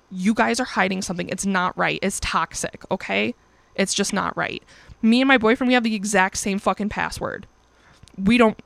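A woman's voice: mid-range voice, gravelly, fairly bright tone, no echo. A woman telling a personal story in a casual vlog, blunt and emphatic, with frequent swearing.

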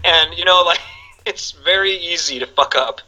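A man's voice: on the high side, moderate pace, pushed and bright, dull audio. A man in his forties, a guest on a casual chat show, rambling and laughing often between many fillers. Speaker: podcast guest.

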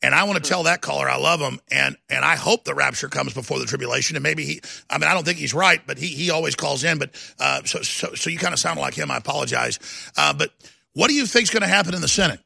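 A high, gravelly man hosts a talk radio show. His bright, fiery voice keeps rising into shouts and rants, then dropping to low asides. The studio sound is dry. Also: quick pace, no room sound.

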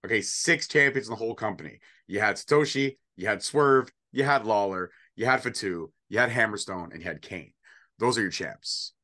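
A man's voice: fairly low pitch, moderate pace, bright, forceful tone. A man co-hosting a casual wrestling prediction show, joking and rambling with sarcastic asides. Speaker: podcast co-host.

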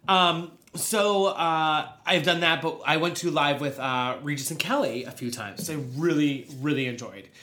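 A woman's voice: low voice, normal speed, hardly any pauses, echoey room. A woman in her thirties, co-hosting a podcast, telling funny stories about herself in a casual chat. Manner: animated, self-mocking storyteller. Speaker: podcast co-host.

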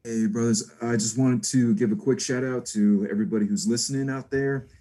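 A man, a podcast guest, giving a friendly brotherly shout-out to listeners. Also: mid-range voice, steady tone, brisk. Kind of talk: brief sign-off.

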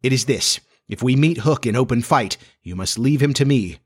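A man voicing a bold, boastful boy leader in a storybook reading, brisk and sharp. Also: medium pitch, lively intonation, husky, voice pushed up.

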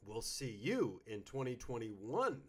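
A man in his thirties co-hosting a casual chat, playful and theatrical, swinging between quiet mumbles and loud outbursts. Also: medium pitch, very animated, a little slow. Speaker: podcast co-host. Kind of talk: casual chat, reading listener notes.

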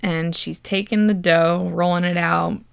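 A woman's voice: on the low side, fairly even intonation, measured pace, gravelly, clear, resonant tone. Sarcastic young woman recapping a movie. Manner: sarcastic, laughs often, swears freely. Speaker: podcast host.

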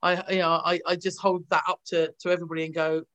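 A woman from England, an actress guest telling animated anecdotes over a video call and acting out the voices of the people in them. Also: lowish voice, fast talker, lo-fi sound.

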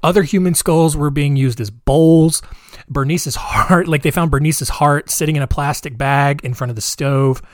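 A man's voice: on the high side, fairly even intonation, normal speed, no room sound, studio quality. A young man casually retelling a true-crime story, chatty, with fillers and personal asides.

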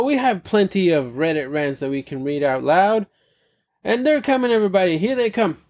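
A man's voice: sits high, a little mellow. A young adult man hosting a podcast, delivering a rambling, profane comedic rant and often asking his listeners questions. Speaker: podcast host.

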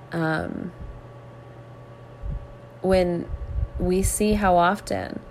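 A woman hosting a podcast, speaking earnestly and reflectively to listeners about faith, with thoughtful pauses. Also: fairly low pitch, gravelly, a little hiss or hum.

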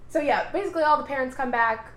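A woman chats through a TV recap for her podcast, swearing and jumping into the characters' quotes. Her voice sits a little high. The room is echoey around her. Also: fast. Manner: animated, swearing, acts out quotes. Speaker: podcast co-host. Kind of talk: casual recap chat.

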